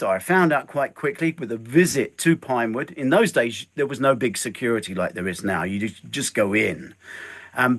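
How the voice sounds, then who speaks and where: An older man, a guest telling stories in an interview and acting out the lines he quotes. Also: medium pitch. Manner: animated, acts out quoted lines. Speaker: guest, stuntman and filmmaker. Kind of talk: storytelling interview chat.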